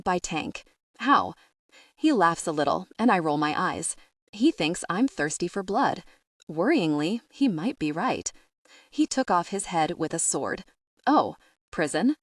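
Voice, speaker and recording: Woman, audiobook narrator, first-person reading, lowish pitch, dry close sound. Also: animated, a little slow, no echo.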